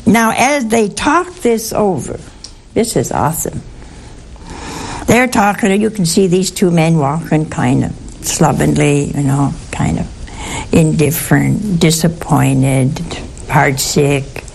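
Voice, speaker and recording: Woman bible teacher, unhurried and a bit gravelly, chatty, quizzes the group as she goes, light hiss under it. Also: low-pitched, darkish tone. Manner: conversational, keeps asking listeners questions.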